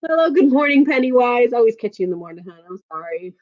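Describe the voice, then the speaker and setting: Woman, thirties, casual livestream chat, laughs a lot, greets viewers, dull muffled audio. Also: sits high. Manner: chatty, laughing, reading out viewer comments. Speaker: livestream host.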